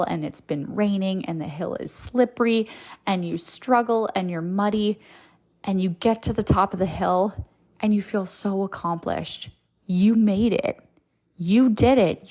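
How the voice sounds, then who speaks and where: Woman, podcast host, casual storytelling, chatty, conversational, drawn-out delivery. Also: mid-range voice.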